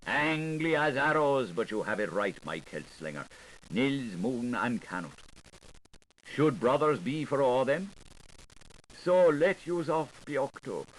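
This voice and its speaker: A man's voice: medium pitch, a little hiss or hum, low-quality recording. A man reading an unabridged literary audiobook in a theatrical way, switching between the voices of questioners and the one who answers. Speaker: audiobook reader.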